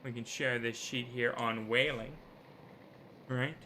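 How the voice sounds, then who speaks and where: A man's voice: mid-range voice, takes it slowly. A man running a tabletop game as game master, joking and explaining the rules. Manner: animated, jokey, rules-minded. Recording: live stream with faint background noise.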